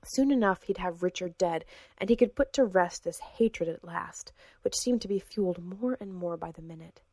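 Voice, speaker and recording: Woman reading a story aloud, lowish voice, dry close sound. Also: normal speed, darkish tone, no echo. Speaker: audiobook narrator. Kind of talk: scripted narration.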